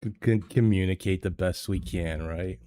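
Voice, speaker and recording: A deep, mellow voice at normal speed belongs to an older US man reading chat during his casual livestream. Hesitant and given to repeating words and chuckling, he uses a desk microphone in his home streaming studio, and the recording is dry.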